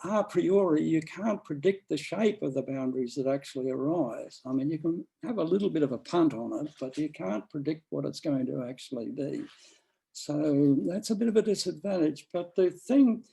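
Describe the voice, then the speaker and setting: Man, seminar lecturer, mellow dark tone, rambling delivery with restarts. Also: a little high, moderate pace, creaky, husky, low-quality recording. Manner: rambling with many restarts and fillers. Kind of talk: academic seminar talk.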